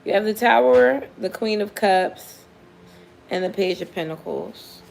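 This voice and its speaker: A woman's voice: medium pitch, measured pace, vocal fry, a little mellow. A woman reads tarot cards for her viewers in a loose, chatty way. She is blunt and swears freely, and she laughs between cards. A faint hum of background noise sits under her voice. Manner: blunt, profane, laughs often. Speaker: tarot reader. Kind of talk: casual live tarot reading with viewer questions.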